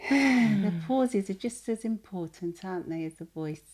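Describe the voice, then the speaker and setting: A woman's voice: medium pitch, lively intonation, a little slow, darkish tone. A middle-aged woman from England co-hosting a podcast, playful and reminiscing in casual chat. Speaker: podcast co-host.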